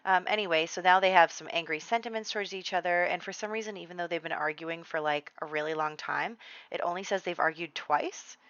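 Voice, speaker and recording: A woman giving casual let's-play commentary, chatty and giggly, telling the story and quickly quoting the characters. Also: lowish voice, steady tone, fairly bright tone, clear, resonant tone, no room sound, lo-fi sound. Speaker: gameplay commentator.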